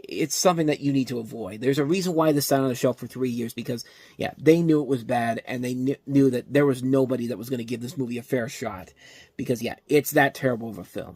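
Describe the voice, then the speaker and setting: A man hosting a movie review show, ranting in an exasperated, animated way with frequent restarts. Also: mid-range voice, no room sound.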